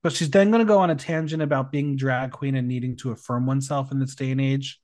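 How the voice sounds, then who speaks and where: A man hosting a podcast, chatting casually and giving opinionated reviews of runway looks in an animated way. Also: mid-range voice, quick pace, hardly any pauses, no echo, studio quality. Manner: animated, opinionated, swings between loud and hushed. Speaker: podcast host. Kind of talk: casual recap chat.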